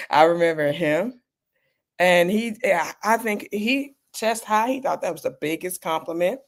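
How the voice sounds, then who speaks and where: Middle-aged woman, lowish voice, doctor guest recounting her experiences, animated, mimics others. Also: a little slow. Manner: candid, animated, acts out quoted people. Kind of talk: personal storytelling in an interview.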